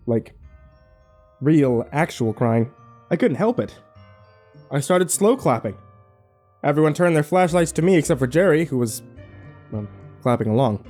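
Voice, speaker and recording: Wry male horror narrator, animated delivery, lively pitch. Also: unhurried, long pauses, faint music behind. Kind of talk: first-person horror story narration.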